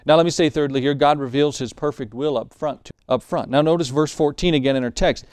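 A man's voice: medium pitch, fairly quick, hardly any pauses, darkish tone, clear, resonant tone, no room sound. A man preaching a sermon in a conversational way, reading scripture and acting out what the Bible figures say. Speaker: pastor.

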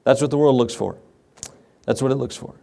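A pastor with a creaky yet mellow medium-pitched voice preaches fairly quickly. His sermon is emphatic, and he keeps posing questions only to answer them himself.

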